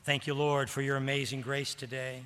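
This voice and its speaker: A man preaching a sermon in a church, animated and voicing the characters' words, repeating phrases for emphasis. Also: medium pitch, normal speed, clean tone. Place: church sanctuary. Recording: long reverb of a large hall.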